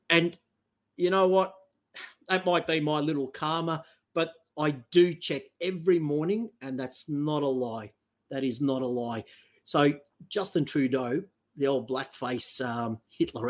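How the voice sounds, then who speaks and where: An Australian man hosting a heated political chat, blunt and profane, with sharp leaps up in pitch when he gets emphatic. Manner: blunt, profane, ranting with sudden high emphatic jumps.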